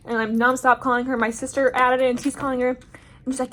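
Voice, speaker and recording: A young woman with a notably high voice tells a storytime for her vlog. She is dramatic, animated and swears constantly as she tells it. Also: fast talker, a little hiss or hum. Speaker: vlogger.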